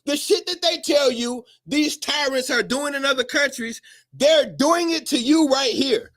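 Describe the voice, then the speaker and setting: High-pitched man ranting to his viewers. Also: a little slow. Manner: preachy, profane, rising into shouts. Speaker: commentator. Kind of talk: animated monologue to camera.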